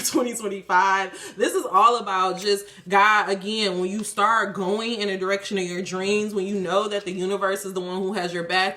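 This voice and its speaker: A woman giving a casual spiritual reading, animated and profane, laughing often. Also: medium pitch. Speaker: tarot reader. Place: a room at home. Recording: echoey room.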